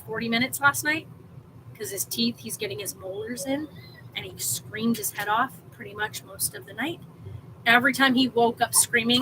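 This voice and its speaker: Tired woman streamer, rambling casual chat, fairly high voice, clear household noise behind her. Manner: rambling, with many fillers. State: exhausted. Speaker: livestream host.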